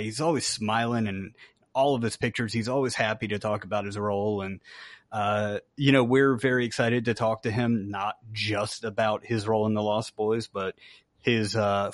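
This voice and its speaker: A man's voice: on the low side, no room sound, studio quality. A man co-hosting a podcast in casual chat, eager and full of fillers. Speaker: podcast co-host.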